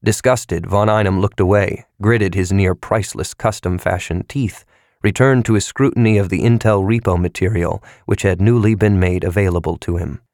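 Male audiobook narrator, low register, dry studio read, measured and even. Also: dry recording. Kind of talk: scripted narration.

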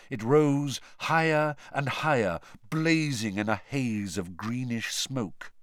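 A man narrating a story in a dramatic, expressive reading. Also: mid-range voice, no room sound, clean studio sound. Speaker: audiobook narrator. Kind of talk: scripted narration.

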